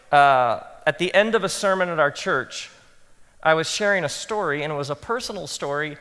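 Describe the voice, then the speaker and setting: A man speaking as a pastor to a live audience, telling animated stories and acting out his own thoughts in soft asides. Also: on the high side, clear, resonant tone, big-room sound. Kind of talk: talk to pastors, animated storytelling.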